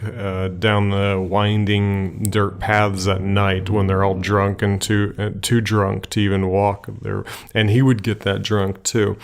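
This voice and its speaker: A male podcast host telling a folk tale in a casual, colloquial and lively way. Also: low-pitched, smooth. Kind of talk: casual storytelling.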